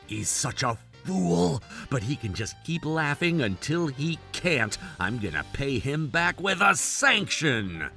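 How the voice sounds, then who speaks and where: A man's voice: on the high side, very animated, slow, gravelly, few pauses, bright, forceful tone, faint music behind. A man voicing a patient father, talking in a restrained, earnest way with simmering frustration. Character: patient father taking his daughter to dinner. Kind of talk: animated story voice acting.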